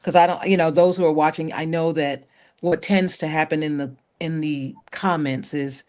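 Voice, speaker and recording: A woman, a guest singer, chatting in an interview and telling animated stories. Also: low-pitched, normal speed. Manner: animated storyteller, acts out quotes. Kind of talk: casual interview chat.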